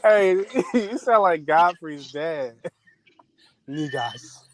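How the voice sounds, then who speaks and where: A man's voice: on the high side, animated, extremely slow, a little hiss or hum. A man in comedic casual banter, laid-back and teasing with lots of slang.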